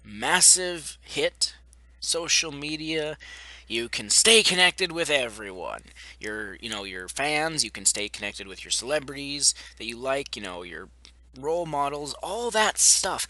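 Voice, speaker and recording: A young man rants to his viewers in a sarcastic, profane way. He talks at an unhurried pace, his voice bright and cutting, and his pitch swings a lot. The recording is dry and close, with no room sound. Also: animated, no echo. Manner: sarcastic, blunt and profane, with mocking mimicry. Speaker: vlogger. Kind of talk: ranting commentary to camera.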